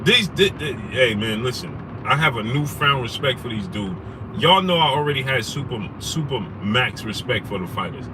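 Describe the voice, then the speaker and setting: A young man, hosting a casual livestream, telling a story animatedly and shouting out viewers. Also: mid-range voice, animated, normal speed. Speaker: livestream host. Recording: noisy street background.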